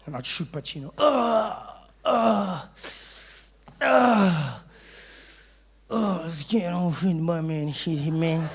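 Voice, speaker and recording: A man doing stand-up, telling a story in an animated way and acting out people's voices. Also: a little high, slow pace, long pauses, breathy edge. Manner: animated, acts out characters, shifts voices. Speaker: stand-up comedian.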